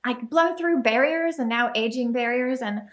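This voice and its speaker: A woman's voice: fairly high pitch, normal speed, a bit bright. A woman hosting a podcast interview, reacting with enthusiasm and affirming her guest. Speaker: podcast host. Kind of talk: casual interview chat.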